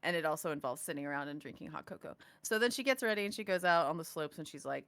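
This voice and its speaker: Bright-voiced woman playing a tabletop game. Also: deep voice, fairly quick, hardly any pauses. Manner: animated, laughing storyteller. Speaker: player.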